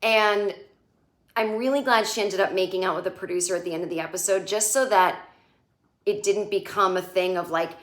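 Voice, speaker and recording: A woman's voice: mid-range voice, brisk, a bit bright. A woman comedian recapping a TV episode in a chatty, sarcastic way, swearing freely and acting out the characters' lines. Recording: echoey room.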